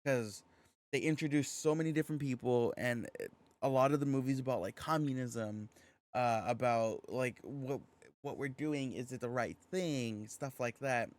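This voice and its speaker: A man co-hosting a podcast in casual chat, relaxed and rambling, swearing casually. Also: mid-range voice. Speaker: podcast co-host.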